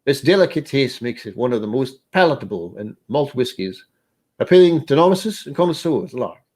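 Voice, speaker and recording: A whisky label read out in a clumsy mock Scottish brogue, put on by a man. The accent keeps drifting toward English. It sits noticeably higher than the reader's usual low voice. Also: very animated, fast, dark tone. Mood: mock-grand.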